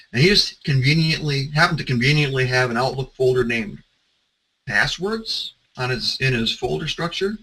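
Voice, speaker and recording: A man's voice: mid-range voice, bright, forceful tone, low-quality recording. A man presenting as a security consultant, telling stories in a conversational way, with some restarts. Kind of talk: presentation talk.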